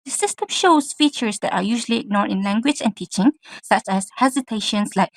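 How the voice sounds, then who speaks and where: A woman's voice: medium pitch, fairly quick, no echo. A young woman from Malaysia, a university student, giving a class presentation and reading from slides. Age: young adult. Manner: reads from slides with acted example lines.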